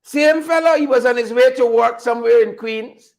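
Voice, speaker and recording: Male host, high-pitched, unscripted mocking commentary full of laughter. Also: normal speed, gravelly. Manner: mocking, laughs often, repeats phrases for effect. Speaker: show host.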